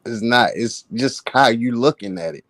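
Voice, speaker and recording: A man's voice: medium pitch, expressive, moderate pace, fairly bright tone, no echo. A man joining a live stream as a caller, playfully insisting in casual chat.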